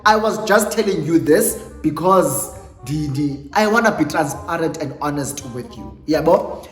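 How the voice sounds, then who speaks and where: A South African man on his YouTube channel, telling a storytime tale in an animated, dramatic way and mixing English with Xhosa phrases. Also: on the high side, measured pace. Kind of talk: storytime vlog. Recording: echoey room with long reverb, faint music.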